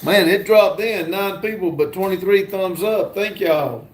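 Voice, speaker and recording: A man's voice: high-pitched, unhurried, roomy sound. A middle-aged man with a Southern US accent hosts a live stream outdoors on a phone. He reads viewer comments aloud in an easygoing way, with many "uh" fillers. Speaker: livestream host. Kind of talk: casual live stream, reading chat aloud.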